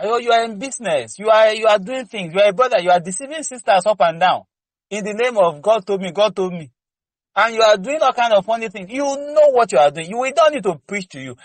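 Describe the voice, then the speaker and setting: A man preaches fervently in a fairly high voice. He exhorts his listeners with rhetorical questions and speaks candidly about his own prayer life. The sound is dry and close. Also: no echo, low-quality recording. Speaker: lay preacher. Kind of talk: preaching teaching session.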